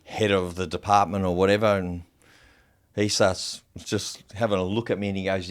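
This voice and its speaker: A man, a podcast guest, telling a personal story in a casual, animated way, swearing freely and using lots of fillers. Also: low-pitched, moderate pace.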